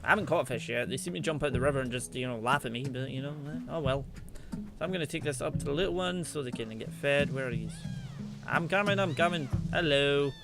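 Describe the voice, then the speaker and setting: A man's voice: mid-range voice, quick pace, vocal fry, music in the background. A man giving chatty, playful let's play commentary, teasing the animals in the game as he plays. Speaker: gaming channel host.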